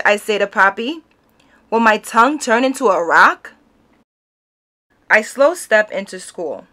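A woman reading a children's picture book aloud, narrating in an expressive storytelling manner. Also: mid-range voice.

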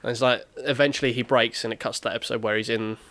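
A man rattles through a casual podcast recap at a quick clip, full of ums and restarts. His voice sits at an everyday middle pitch and sounds dry and close, with no room around it. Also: fairly even intonation, fairly bright tone, dry recording. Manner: rambling recap with filler pauses and brief character voices. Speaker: podcast co-host. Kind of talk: casual chat, retelling a TV episode.

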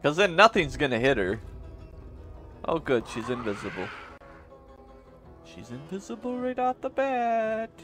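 A man gives casual commentary while playing a video game. He swears freely, reacts excitedly, and his voice rises and falls in lively swings. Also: on the high side, measured pace, long pauses, over music. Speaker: streamer. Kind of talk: gaming commentary.

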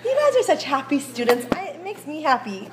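A woman teacher with a high voice walks students through a baking demonstration in a school classroom kitchen. She is chatty and keeps asking whether everyone can see and follow. The sound is a phone recording made in class. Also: sing-song, brisk, background noise. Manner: chatty, checks understanding often. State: out of breath while rolling dough.

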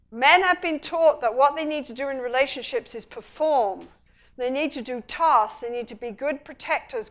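A middle-aged woman, a couples therapist, giving a public talk and bringing her points to life by acting out bits of dialogue. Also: sits high. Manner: animated storytelling, acting out dialogue. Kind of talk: public lecture.

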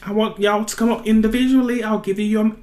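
A woman voicing a cheery, folksy schoolteacher in an amateur animation, speaking loudly and brightly. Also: mid-range voice, fairly even intonation, fast, voice pushed down, lightly acted. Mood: bossy. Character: folksy, upbeat female schoolteacher.

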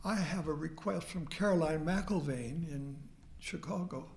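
Eager, polite young visitor, a bit shaky, as an older male lecturer puts him on, slow delivery. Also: fairly high pitch, gravelly.

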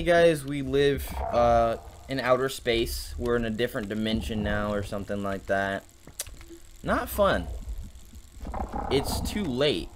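A young man hosting a let's play, jumpy and shouting when startled, then taunting with slangy mock bravado. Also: medium pitch, a little hiss or hum. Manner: mock-brave taunting and slangy banter with viewers. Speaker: gaming video host.

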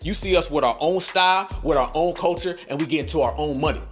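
Fiery preachy man with a high voice. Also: fast. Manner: preachy, repetitive rhetorical questions, profane slang. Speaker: podcast host. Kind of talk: fiery monologue.

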